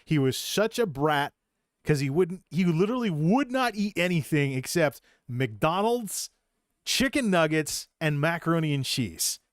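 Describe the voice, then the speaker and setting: A man's voice: on the high side, big pitch swings, measured pace, no echo, clean studio sound. Rambling, self-deprecating man telling stories. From Massachusetts. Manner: rambling, self-deprecating, with frequent restarts and chuckles. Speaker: vlogger. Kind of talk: personal storytelling monologue.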